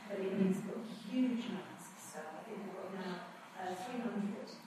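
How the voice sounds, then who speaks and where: A woman's voice: medium pitch, normal speed. A woman answering in conversation, explaining with hesitant fillers. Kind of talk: conversational reply. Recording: echoey hall with background noise.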